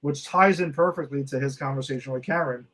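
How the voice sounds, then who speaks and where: A man co-hosting a podcast, excitedly reviewing a TV episode in casual chat, swearing freely and acting out quoted lines. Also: mid-range voice, a little fast. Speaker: podcast co-host.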